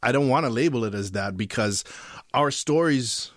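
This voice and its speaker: Man, filmmaker in interview, mid pitch, thoughtful with many restarts, dry close sound. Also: lively intonation, moderate pace, a bit bright, no room sound. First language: not fluent in his heritage language. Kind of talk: interview conversation.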